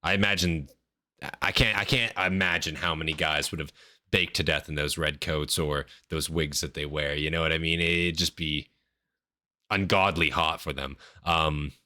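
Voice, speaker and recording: Deep-voiced Canadian man musing. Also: fairly even intonation, normal speed, bright, forceful tone, dry recording, clean studio sound. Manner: rambling, hesitant, many fillers and "right?" tags. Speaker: reaction host. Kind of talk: casual reaction commentary.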